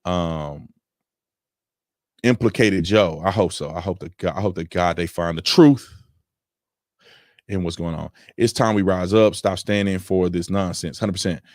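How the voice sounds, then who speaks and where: A man's voice: unhurried, long pauses, no room sound. Guy in his 30s livestreaming from home, chatty, voice jumps way up telling stories, dry close sound. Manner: animated storytelling, voice jumps high when excited. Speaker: livestream host reading super chats. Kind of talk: casual livestream chat.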